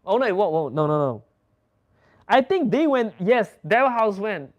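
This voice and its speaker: Here a young man from the Netherlands leads an easygoing conversation, spinning animated yarns full of curses and laughs. He speaks in a high register at an unhurried pace.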